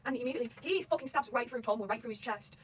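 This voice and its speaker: A woman talking loudly and excitedly about a manga, swearing constantly in casual fan commentary. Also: on the high side, rapid-fire, far from the mic, slight background noise. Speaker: manga reaction vlogger.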